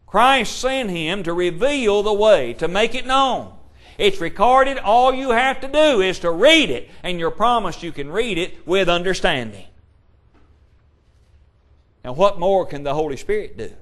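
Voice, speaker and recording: A man preaching a sermon, reading scripture aloud and pressing his points with slow, deliberate emphasis. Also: high voice, fairly bright tone. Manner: reads scripture aloud in King James wording.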